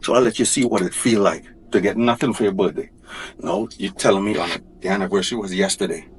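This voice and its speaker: A man's voice: fairly low pitch, fast, husky. Rambling man, colloquial and insistent. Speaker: husband in a divorce dispute. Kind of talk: casual rambling talk.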